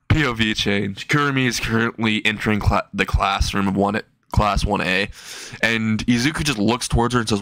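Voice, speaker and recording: A man's voice: on the low side, steady tone, normal speed, fairly bright tone, dry recording. Man for a loose, rambling comic fan story read, dry and close. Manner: rambling, laughs at his own jokes. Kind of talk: casual comedic storytelling.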